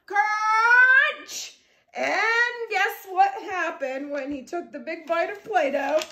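A woman reads a picture book to young children in a very high, lively voice. She plays up sound effects and invites the listeners to join in. The sound rings in an echoey room. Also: unhurried. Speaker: guest story reader. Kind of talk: animated read-aloud to children.

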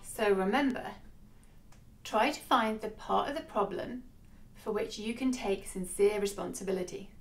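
A woman's voice: medium pitch, moderate pace, music in the background. Woman narrating a relationship lesson. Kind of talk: scripted educational narration.

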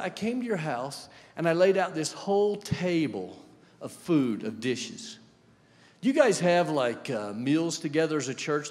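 A man with a somewhat mellow voice on the high side preaches as a guest, keeping his sermon conversational and asking the congregation questions. The church sanctuary gives the recording a long hall reverb.

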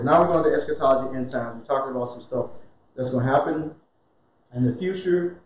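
A man's voice: mid-range voice, fairly quick. A male minister giving an informal, conversational sermon. He laughs often and asks questions, then answers them himself. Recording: very echoey, dull muffled sound.

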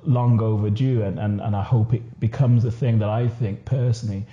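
A man's voice: lowish voice, steady tone, normal speed. A man in a casual podcast discussion, talking earnestly with many repeated words and restarts. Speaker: podcast guest. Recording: echoey room, dull lo-fi sound.

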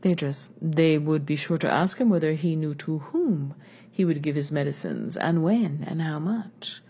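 A woman's voice: low voice, measured pace, dark tone, breathy edge, exaggerated voice. A woman reading the replies of an eager young male student in a brief, earnest way.

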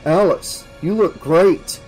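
A man voicing a weakened young man who croaks and cries out in desperation. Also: high voice, slow pace, darkish tone, soft background music, voice pushed up, rough recording. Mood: desperate.

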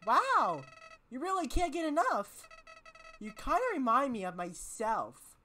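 A woman giving casual gameplay commentary, excitable and prone to loud exclamations. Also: high-pitched, measured pace, faint music behind. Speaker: let's player.

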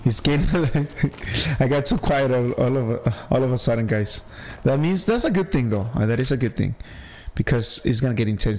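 A man's voice: medium pitch, moderate pace, darkish tone, rough recording. A man with a heavy accent giving casual let's-play commentary as a gaming channel host, chatty and laughing at himself.

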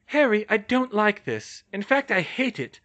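Man voicing anxious teenage girl, high pitch, lively, audiobook. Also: normal speed, exaggerated voice. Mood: worried. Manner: worried, high-pitched pleading.

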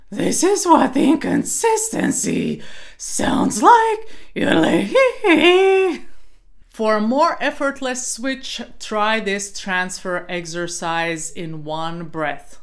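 A young woman teaching a voice lesson on false cord talking, joking playfully and dropping into a gravelly rattle for her demonstrations. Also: on the low side, a bit bright. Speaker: vocal coach.

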